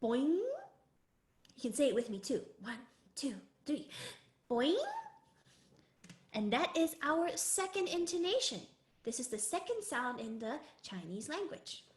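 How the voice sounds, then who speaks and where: A woman teaching a live online music and Mandarin lesson to children in an animated, sing-song manner. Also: fairly high pitch, roomy sound. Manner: animated, sing-song, calls herself in third person. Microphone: video call.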